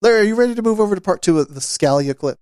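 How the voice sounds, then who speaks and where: A man's voice: high-pitched, expressive, racing, a little mellow, smooth, no echo, studio quality. A man co-hosting a casual podcast discussion, talking loosely with lots of fillers. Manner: loose and chatty, many fillers. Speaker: podcast co-host.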